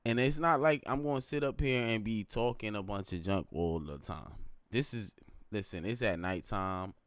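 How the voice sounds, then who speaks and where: Low smooth dude rambling on a late nite stream, keeps going "you know what im saying", dry sound. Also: male voice, moderate pace, no room sound. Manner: rambling and reflective, repeats phrases, asks "you know what I'm saying". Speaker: live streamer. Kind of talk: late-night casual live stream monologue.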